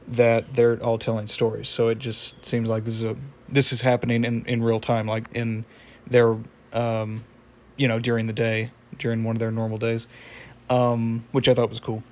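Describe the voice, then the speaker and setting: A man casually retelling a cartoon episode, halting with many fillers and small chuckles. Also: mid-range voice, completely flat delivery, slight background noise. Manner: halting, lots of fillers and restarts, chuckles often. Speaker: episode recapper.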